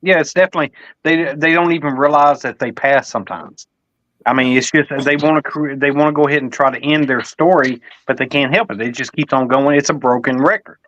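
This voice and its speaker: A man's voice: mid-range voice, brisk, a bit bright, no room sound. A man guest chatting casually, agreeable and chiming in often. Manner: agreeable, chimes in. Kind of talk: casual chat. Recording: dull lo-fi line.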